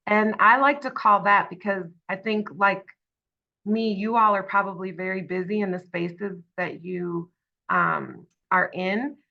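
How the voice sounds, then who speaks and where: A woman in her thirties leading a workshop in a conversational tone, often asking "right?" and pausing on fillers. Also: mid-range voice, steady tone, gravelly, dull audio. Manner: conversational, tag questions, many fillers. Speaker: workshop facilitator. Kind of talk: online workshop talk.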